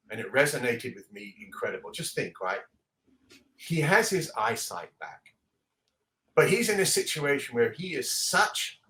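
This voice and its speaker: A man hosting a casual comic book podcast, excitedly walking through the pages and laughing often. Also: a little high. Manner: excitable, laughing often, reads dialogue aloud. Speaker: comic book show host. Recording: echoey room.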